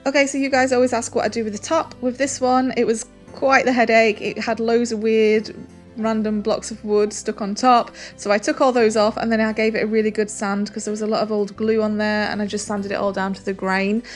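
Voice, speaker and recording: A woman narrating a furniture painting tutorial, relaxed and chatty, with soft music behind. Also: a little high, fairly quick. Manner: relaxed, chatty, says "um" and "really, really" often. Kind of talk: step-by-step painting tutorial voice-over.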